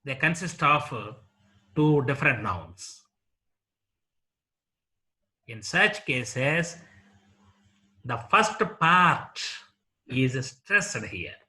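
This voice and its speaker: A man with an Indian English accent teaching a slow, deliberate lesson, repeating word lists one item at a time. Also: medium pitch, big pitch swings, sharp tone. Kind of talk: classroom lecture.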